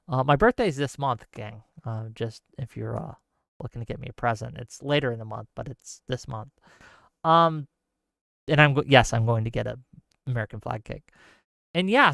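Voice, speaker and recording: Man, live stream host, ranting chat, lively swooping voice, smooth clear tone, dry close sound. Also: a little high, dry recording. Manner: ranting, animated, sarcastic. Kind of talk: casual live stream chat reading viewer comments.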